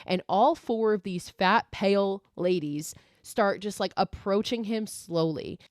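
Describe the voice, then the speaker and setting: A woman's voice: mid-range voice, measured pace, no echo, studio quality. A woman podcast host casually retelling a horror movie plot, chatty and profane, with lots of "like". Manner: chatty and profane, heavy use of "like".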